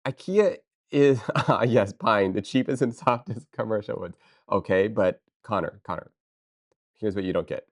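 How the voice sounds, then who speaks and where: A woman chatting casually with her viewers on a live stream, excitable and playful, talking straight to chat. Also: a bass voice, normal speed. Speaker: livestreamer.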